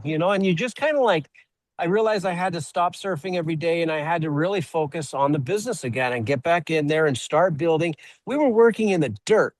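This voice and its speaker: Man, webinar guest, halting storyteller, repeats words, slightly high voice, dry close mic. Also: animated, no echo, poor audio. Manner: halting, repeats words when starting sentences. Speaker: auto repair shop owner, webinar guest. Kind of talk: conversational storytelling.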